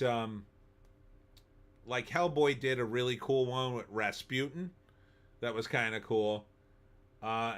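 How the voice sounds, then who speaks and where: A man's voice: medium pitch, fairly bright tone. A man hosting a live movie-talk stream, chatting casually and answering viewer comments in a rambling, opinionated way with lots of ums.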